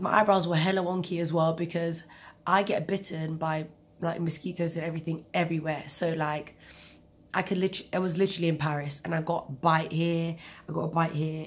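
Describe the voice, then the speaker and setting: Chatty woman with a cold. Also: fairly low pitch. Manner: chatty, rambling with asides. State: has a cold, coughing. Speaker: vlogger. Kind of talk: casual storytelling.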